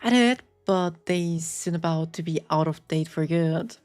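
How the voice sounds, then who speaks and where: Speaking at a fairly low pitch in a smooth, slightly mellow tone, a German-accented woman streams from home over soft background music. The VTuber keeps things playful and rambling, tossing quick squeals and laughs back at her chat.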